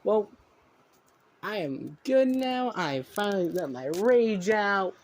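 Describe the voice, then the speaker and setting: Ranting vlogger, profane, indignant, slow delivery, swooping pitch. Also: animated. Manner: indignant, profane, talks to viewers. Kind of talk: ranting reaction commentary.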